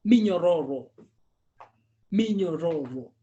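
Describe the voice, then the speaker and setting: A man's voice: a little high, expressive, slow pace, warm tone, lo-fi sound. A man teaching Swahili, patiently drilling each word many times and chuckling often. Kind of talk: language lesson drilling.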